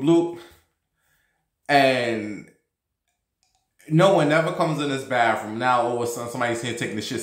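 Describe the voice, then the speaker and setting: A vlog host in his thirties, with a medium-pitched voice and a roomy sound, spins a story in a loose, chatty way. His casual storytelling and gossip are full of profanity and filler words.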